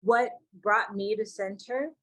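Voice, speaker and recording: A woman's voice: medium pitch, fairly even intonation, takes it slowly, slight background noise, low-quality recording. A woman who mentors young people, telling a personal story in a candid, reflective way and acting out the dialogue she quotes. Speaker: youth mentor.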